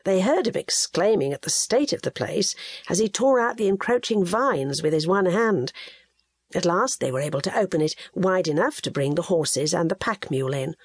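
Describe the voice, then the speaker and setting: Woman audiobook narrator, lively and husky. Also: lowish voice, normal speed, dry recording. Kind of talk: scripted narration.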